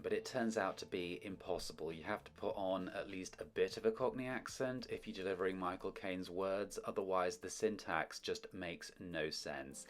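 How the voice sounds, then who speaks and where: A man's voice: deep voice, normal speed, few pauses, faint music behind. A man hosting a film history video, reading a script with wry, opinionated asides. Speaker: host of a film history channel.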